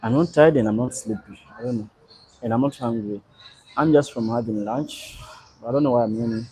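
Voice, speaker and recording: A young man from Uganda, hosting a live stream and chatting in a relaxed, rambling way as he answers viewers. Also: medium pitch, brisk, slight background noise, rough recording. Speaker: livestream host. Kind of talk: casual live stream chat.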